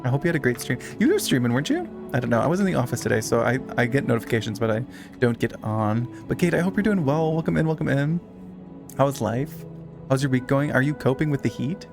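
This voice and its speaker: A man's voice: mid-range voice, vocal fry. A man chatting casually with his viewers while playing a game, swearing freely and reading text aloud. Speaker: streamer. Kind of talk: casual live-stream chat while gaming.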